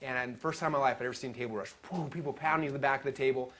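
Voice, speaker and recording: A man telling stories at a live seminar, animated and acting out the quotes he tells. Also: mid-range voice, racing, slight background noise. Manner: animated storytelling, acts out quotes. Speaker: seminar speaker.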